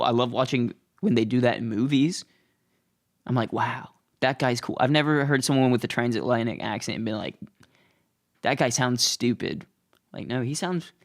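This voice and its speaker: A young man hosting his own show, talking in a casual, rambling, self-deprecating comedic monologue. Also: mid-range voice. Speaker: host.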